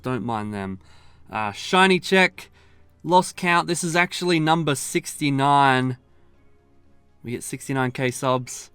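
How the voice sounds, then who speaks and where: A man, chatting excitedly and casually as he plays a mobile game. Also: mid-range voice, clear, resonant tone, dry recording. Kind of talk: casual running commentary while playing.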